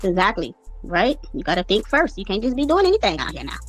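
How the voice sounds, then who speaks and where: A woman's voice: mid-range voice, huge pitch swings, fast talker, soft background music. A woman from Compton chatting in an interview, laid-back and peppering her talk with "you know what I'm saying". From Compton, California. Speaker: interview guest. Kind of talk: casual interview chat.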